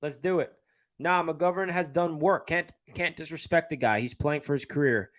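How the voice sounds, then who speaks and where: A man's voice: a little high, moderate pace, a bit bright. A man with a New York area accent hosting a casual live stream, chatting and answering viewer comments as he reads them. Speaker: livestream host.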